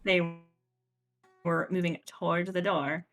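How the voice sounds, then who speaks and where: A woman narrating as game master of a horror tabletop game, describing scenes slowly and deliberately. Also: lowish voice, steady tone, fairly bright tone, faint music behind.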